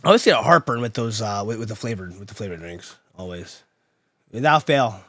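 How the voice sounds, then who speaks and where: A man talks casually to his viewers as he fights with broken streaming software, venting and muttering to himself. His pitch swings widely, leaping up in outbursts and sinking into low grumbles. The sound is dry and close, with no room around it. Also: animated, a little fast, dry recording. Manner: frustrated, exasperated, swings between loud outbursts and muttering; chats with viewers while troubleshooting. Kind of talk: casual live-stream chat.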